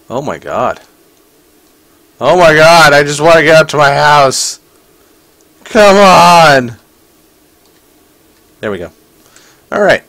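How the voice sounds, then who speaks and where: A man hosting a casual let's-play, his voice swinging up and down as he chats and jokes with the creatures in the game. He talks at a middle pitch, and a faint hum sits behind him. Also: fairly bright tone. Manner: chatty, playful, talks to the game mobs. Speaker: gaming channel host.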